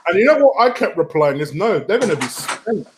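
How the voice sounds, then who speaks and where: Excitable man, lively pitch. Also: brisk, slight background noise. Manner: excitable, swears, stammers on restarts. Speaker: football podcast guest. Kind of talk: casual chat.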